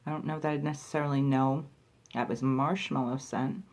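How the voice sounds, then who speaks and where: A woman's voice: extremely low pitch, steady tone, normal speed, a little mellow. A woman talking casually to camera as she tries and reviews lip balms, thinking aloud and poking fun at herself. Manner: chatty, thinking aloud, self-deprecating. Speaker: beauty reviewer. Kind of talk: product review vlog.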